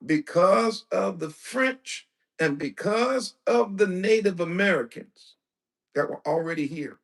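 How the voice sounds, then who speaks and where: A male preacher giving a lecture-style sermon, emphatic, asking rhetorical questions and breaking into bursts of shouting. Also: high-pitched, animated, slow, vocal fry. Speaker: preacher and teacher.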